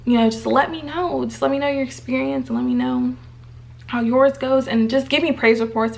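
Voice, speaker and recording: Young woman in her 20s vlogging, hypes up her viewers, kinda high voice, lots of vocal fry. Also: a little hiss or hum. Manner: bubbly, encouraging, playful. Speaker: nurse vlogger. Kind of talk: casual chat to camera.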